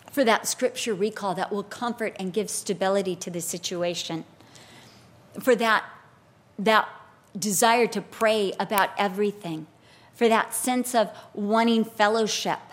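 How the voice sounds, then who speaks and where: A woman preaching a sermon, telling stories with lively acted-out quotes. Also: mid-range voice. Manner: animated, expressive storytelling with acted-out quotes.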